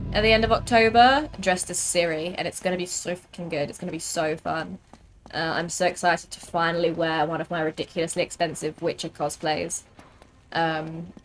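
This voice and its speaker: A young British woman streaming a game, chatting casually and rambling with lots of fillers. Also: lowish voice. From United Kingdom. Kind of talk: casual gaming chat.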